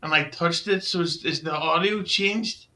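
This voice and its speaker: A man speaking as a guest on a casual podcast, crude and halting, into a podcast mic. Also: a little high, pushed and bright.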